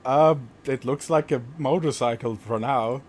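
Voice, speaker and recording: A man's voice: medium pitch, a little slow, darkish tone. Casual male game master. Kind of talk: narrating a tabletop game.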